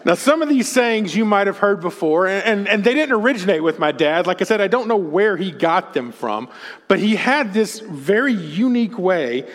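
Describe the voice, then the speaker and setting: Southern preacher in a reverberant hall. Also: male voice, high voice, animated, normal speed. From Texas. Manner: folksy and chatty, laughs often. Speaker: guest preacher. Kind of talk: sermon. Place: church sanctuary. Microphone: stage microphone.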